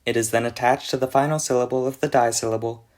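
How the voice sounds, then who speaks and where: A man's voice: mid-range voice, steady tone, quick pace. Dry-voiced man explaining a conlang. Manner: dry, mock-serious delivery. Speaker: conlang video narrator. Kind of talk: scripted explanatory narration.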